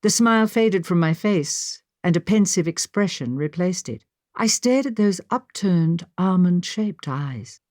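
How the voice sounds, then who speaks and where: Woman audiobook narrator, first-person period mystery, lively and expressive, low-set voice. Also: unhurried, no room sound, clean studio sound. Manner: expressive storytelling. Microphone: studio microphone.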